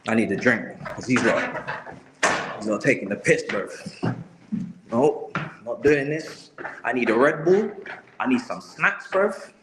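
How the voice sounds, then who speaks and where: A man's voice: mid-range voice, lively intonation, measured pace, pauses often, background noise. A young man hosting a livestream, ranting in slangy, exasperated, muttering casual talk. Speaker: livestream host.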